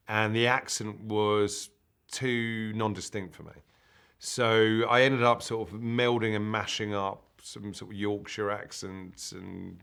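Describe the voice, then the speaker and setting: Actor, lowish voice, easygoing interview chat with fillers. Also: male voice, gravelly. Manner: relaxed, conversational, uses "you know" fillers. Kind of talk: press junket interview.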